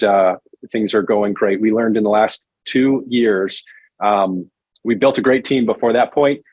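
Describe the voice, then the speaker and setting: A man, a financial advisor guest on a podcast, telling his career story in a relaxed conversational way. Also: on the low side, breathy edge, dry recording. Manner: animated storyteller, acts out quoted voices.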